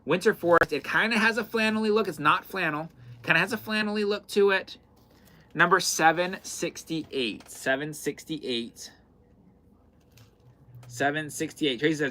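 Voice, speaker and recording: Broadcasting live from an indoor fabric shop in the far north, a man casually sells fabric, repeating item numbers as he goes. His voice is a little high and sharp in tone, at a moderate pace.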